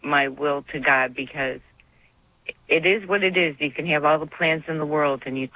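A woman's voice: low voice, moderate pace, sharp tone, dry recording. A woman calling in to a radio show, talking in an earnest, heartfelt and rambling way. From Arizona. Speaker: caller. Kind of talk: call-in radio chat. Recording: dull phone-line call.

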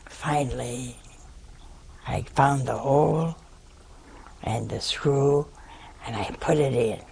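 Older woman, nun, slow-paced, gravelly, folksy humorous storytelling. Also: a bass voice, darkish tone, slight background noise. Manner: humorous, folksy anecdote with laughs. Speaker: nun giving a talk. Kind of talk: storytelling talk to an audience.

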